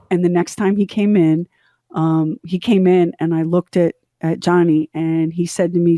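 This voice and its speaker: Animated storytelling woman, mellow voice. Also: fairly low pitch, moderate pace, no room sound, clean studio sound. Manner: candid, animated storyteller, acts out quotes. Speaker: podcast co-host. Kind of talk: storytelling in casual chat.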